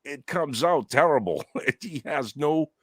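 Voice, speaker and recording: A man's voice: a little high, expressive, slow pace, fairly bright tone. A man co-hosting a casual podcast chat, cracking crude, self-mocking jokes. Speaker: podcast co-host.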